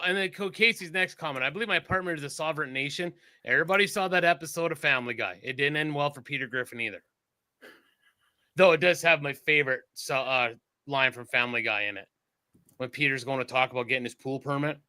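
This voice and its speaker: A man from Texas co-hosting a casual podcast, rambling and animated and swearing a lot. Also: medium pitch, fairly quick, clear, resonant tone. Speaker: podcast co-host.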